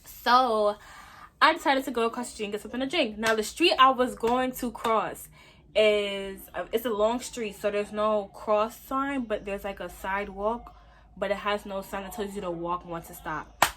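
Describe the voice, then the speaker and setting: A young woman from Brooklyn, telling a casual storytime on her phone at home, slangy and animated, talking straight to her viewers. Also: medium pitch, moderate pace, a little hiss or hum. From Brooklyn, New York. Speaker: vlogger.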